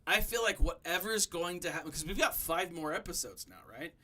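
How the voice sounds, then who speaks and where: A young man hosting a casual review chat, animated and laughing, with lots of fillers like "um" and "like". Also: fairly high pitch, a little fast. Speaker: podcast host.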